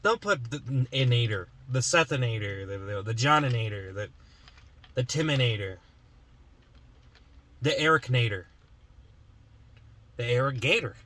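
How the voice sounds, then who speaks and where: A man's voice: mid-range voice, animated, measured pace, pauses often, sharp tone. A man vlogging in casual chat to the camera, rambling with lots of fillers and restarts.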